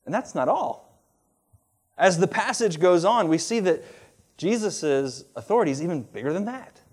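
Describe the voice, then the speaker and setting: A man preaching a sermon in a conversational, animated way, with asides and laughs. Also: sits high, moderate pace, husky. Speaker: pastor.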